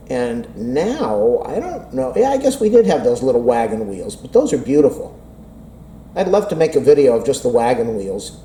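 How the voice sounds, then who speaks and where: A man's voice: medium pitch, dark tone, slight background noise, rough recording. A man vlogging about a phone update, rambling and self-deprecating as if talking to himself, recorded on a camera mic from across an indoor room. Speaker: tech vlogger. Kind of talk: rambling casual talk to camera.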